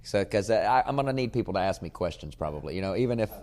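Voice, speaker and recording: A man hosting his own podcast as a comedian, rambling in a profane, casual way and sometimes breaking into loud shouting. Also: sits low, animated, quick pace. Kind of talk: casual chat.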